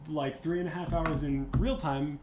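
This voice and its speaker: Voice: mid-range voice, fairly even intonation, moderate pace, reverberant, noisy background. A tabletop game player recapping the last session, joking along. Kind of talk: casual recap chat.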